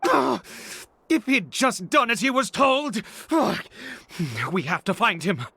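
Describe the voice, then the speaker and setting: A man's voice: sits high, very animated, unhurried, fairly bright tone, breathy edge, no echo, exaggerated voice. An actor voicing a frantic, protective man searching for his missing son, with agitated, stammering outbursts, as game voice acting. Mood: distraught.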